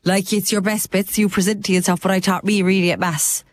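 An Irish woman with a Cork accent and a blocked-up nose, hosting a podcast and telling stories in a chatty, animated way. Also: medium pitch, no room sound. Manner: chatty, animated storyteller, quick laughs. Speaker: podcast co-host. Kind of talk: casual chat.

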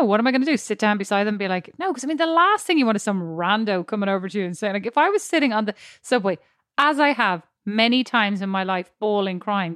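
A woman co-hosting a casual chat podcast, a parent who talks in quick stories and acts out what people say. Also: medium pitch, no echo, studio quality. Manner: chatty, animated storytelling with acted-out quotes. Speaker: podcast co-host.

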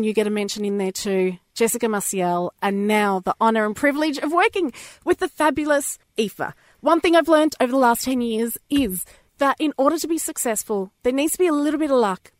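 A woman's voice: a little high, no room sound, clean studio sound. A woman with an Australian accent hosting a radio show, chatty and effusive. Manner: chatty and effusive, laughing often. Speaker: radio host.

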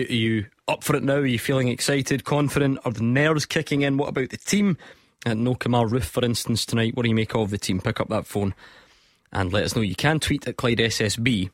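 A man's voice: medium pitch, no room sound, clean studio sound. A man hosting a sports phone-in on the radio, chatty and upbeat. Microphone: studio microphone.

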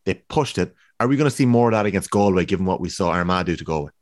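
A man hosting a podcast and briskly leading the questions. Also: low-pitched, animated, a little mellow. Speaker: host. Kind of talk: casual podcast chat.

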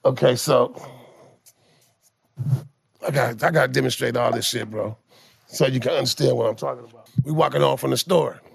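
A man telling street stories in casual chat, with profane slang, animated delivery and stammering restarts. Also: mid-range voice, moderate pace, vocal fry, pauses often, husky. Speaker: guest telling life stories.

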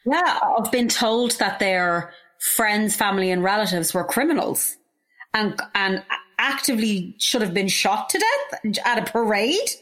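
A woman's voice: medium pitch, expressive, unhurried, fairly bright tone. A young woman in casual chat, talking with heated emotion and frequent swearing. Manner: impassioned, emotional, swears freely.

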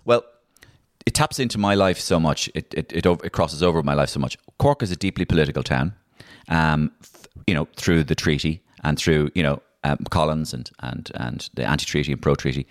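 A middle-aged Irish man, a comedian and impressionist, telling stories in a casual interview, animated and full of restarts. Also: rumbling low, a little fast. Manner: animated, storytelling, many restarts.

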